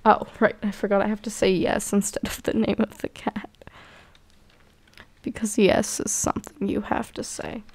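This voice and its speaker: A woman with a mid-range, gravelly, darkish voice and a breathy edge commentates casually on a cat-clan game at normal speed with little pitch movement. She reads the characters' lines aloud, talks back to them sarcastically, and swears now and then.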